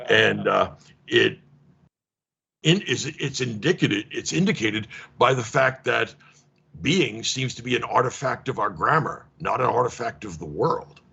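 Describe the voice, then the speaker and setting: A gravelly, husky man leads a casual online seminar, his pitch swinging widely as he acts out little dialogues in mock exasperation. The sound is dull and lo-fi, like a video call. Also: expressive, measured pace, bright, forceful tone. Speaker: lecturer.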